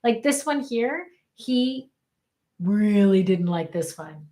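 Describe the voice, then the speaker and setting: A woman's voice: medium pitch, animated, takes it slowly, warm tone. A woman life coach giving an earnest live teaching, often calling out questions to her audience. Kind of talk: live online coaching talk.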